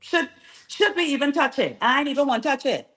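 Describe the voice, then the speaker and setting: A Bahamian woman speaks as a guest on a radio talk show, her voice sitting a little high. She talks in an animated, sermon-like way, stacking repeated phrases and turning to the host again and again. The sound comes from a radio studio. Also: a little fast. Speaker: guest, nail technician.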